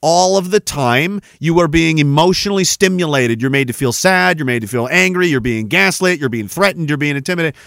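A man's voice: a little high, a little fast, gravelly, hardly any pauses, fairly bright tone, dry recording, studio quality. A man hosting a podcast, delivering a profane, rambling monologue rant. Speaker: podcast host. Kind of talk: ranting monologue.

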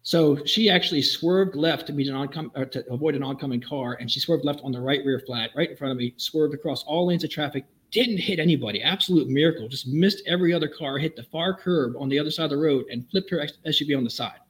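A middle-aged man, a police officer guest on a podcast, telling a story fast and animatedly, acting out the lines he quotes. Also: a little high.

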